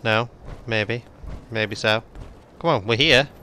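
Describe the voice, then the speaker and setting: A man playing a game on video, with a fairly low voice and a bright, forward tone. He jokes and swears sarcastically as he plays. A faint hiss runs under it. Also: slow pace. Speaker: gaming video host. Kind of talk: let's play commentary.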